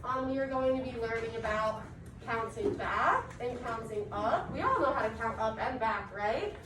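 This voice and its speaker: A high-voiced young woman teaches a lesson, upbeat and encouraging. She walks through each step. Her voice echoes in a noisy classroom, caught from a distance. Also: normal speed. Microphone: far camera. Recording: echoey classroom recorded from afar, background noise.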